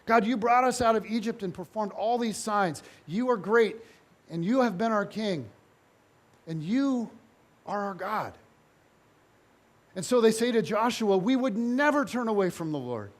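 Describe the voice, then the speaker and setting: High-voiced man preaching a lively sermon. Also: unhurried, pauses often. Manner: animated storytelling, voicing biblical figures in dialogue. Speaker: pastor.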